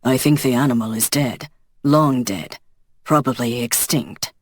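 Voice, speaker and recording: An audiobook narrator voicing an ancient male vampire who speaks tersely and calmly. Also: mid-range voice, measured pace, dry recording, clean studio sound, pitched below the performer's own voice, close to an everyday voice. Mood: guarded.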